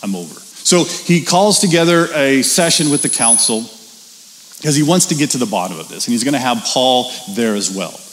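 A man teaching a Bible study in a conversational, animated way, reading scripture and asking rhetorical questions. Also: mid-range voice, moderate pace. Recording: reverberant room with faint hiss.

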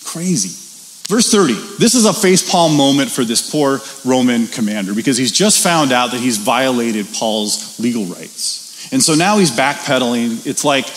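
Male Bible teacher, animated and chatty, mid pitch; reverberant room with faint hiss. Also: moderate pace. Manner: conversational, animated, rhetorical questions. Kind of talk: Bible study teaching with scripture reading.

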